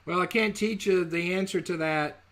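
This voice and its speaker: A man's voice: high voice, normal speed, fairly bright tone. A man teaching trading in a casual live webinar, chatty and jokey, often correcting himself mid-word. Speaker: trading educator.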